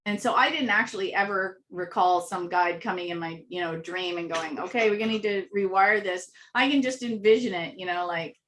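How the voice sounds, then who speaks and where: A woman telling animated anecdotes as an interview guest, acting out little voices and laughing often. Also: medium pitch, brisk, few pauses, a little hiss or hum. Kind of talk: casual storytelling interview.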